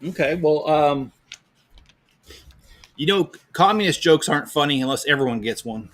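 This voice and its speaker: A man's voice: fairly high pitch, expressive, moderate pace, a bit bright, a little hiss or hum. A man on a casual stream who tells jokes and stories with frequent fillers. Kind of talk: casual chat, telling jokes.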